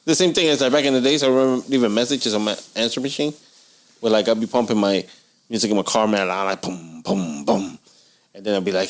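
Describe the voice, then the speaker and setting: A man's voice: fairly low pitch, quick pace. A man co-hosting a casual comedy podcast, telling stories and acting out phone calls in raised, put-on voices. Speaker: podcast co-host.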